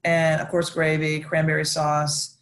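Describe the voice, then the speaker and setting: A woman chef, chatting casually and enthusiastically on a live stream, with lots of restarts and excited asides. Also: low-pitched, unhurried. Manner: animated, gushing, chatty with many restarts. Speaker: celebrity chef guest.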